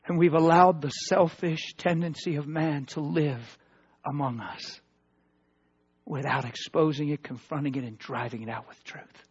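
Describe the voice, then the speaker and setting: A pastor preaching a sermon, swinging from loud emphatic proclamations to hushed asides. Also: male voice, fairly high pitch, fairly even intonation, unhurried, slightly rough, highs cut off.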